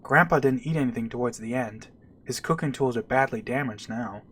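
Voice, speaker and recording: A man reading the lines of a timid young boy mage from a video game in a soft, hesitant way. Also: medium pitch, brisk, breathy edge. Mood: wistful.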